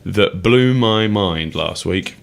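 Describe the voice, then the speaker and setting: Young male radio co-host, low voice, rambling, eager, quick to laugh. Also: vocal fry. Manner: rambling, enthusiastic, laughs often. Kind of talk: casual radio chat.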